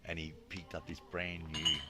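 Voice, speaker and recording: A man's voice: sits low, normal speed, loud music behind the voice. A man telling a long story in casual chat, acting out what people said and dropping in "you know" often. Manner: animated storyteller, acts out quotes, frequent "you know". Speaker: guest storyteller.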